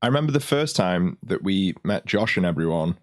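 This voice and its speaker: A man's voice: low-pitched, animated, brisk, no room sound, clean studio sound. A man telling stories as a podcast guest, in a loose, sweary chat with lots of "like". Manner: loose storyteller, swears freely, frequent "like". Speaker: podcast guest, band guitarist.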